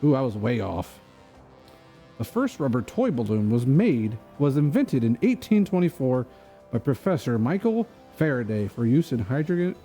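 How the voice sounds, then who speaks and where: A man's voice: medium pitch, warm tone. A man streaming a video game, chatting casually in a rambling, joking way that keeps drifting off topic. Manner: rambling, joking, easily sidetracked. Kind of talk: casual chat while gaming.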